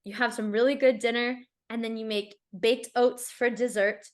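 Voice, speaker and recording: A young adult woman with a fairly high voice speaks at normal speed as a podcast guest. She chats casually and openly, animated and chatty, dropping "like" as a filler again and again.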